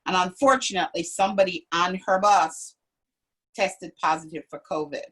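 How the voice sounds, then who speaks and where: A woman, a parishioner, telling a lively everyday story in casual conversation. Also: lowish voice, moderate pace. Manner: animated, laughing, telling anecdotes. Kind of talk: casual storytelling on a group call.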